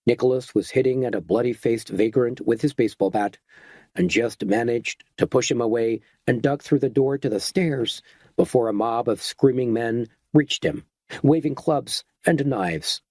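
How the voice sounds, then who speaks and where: A man reads a horror novel aloud in a steady, dramatic manner, in a mid-range voice. The recording is close and completely dry, with no room sound. It is scripted audiobook narration. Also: mid-range voice, moderate pace, no echo.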